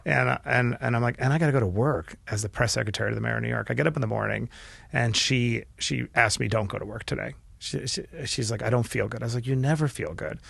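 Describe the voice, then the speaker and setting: A middle-aged man, a podcast guest, telling a candid personal story earnestly and with feeling, often restarting his sentences and dropping his voice quietly. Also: medium pitch, fast, creaky, breathy edge, no room sound. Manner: earnest and emotional, with frequent restarts and quiet dips.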